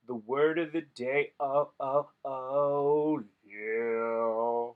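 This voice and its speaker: A man's voice: medium pitch, steady tone, very slow, clean tone, muffled recording. A young man chatting casually on a live stream, joking and rambling with lots of slang.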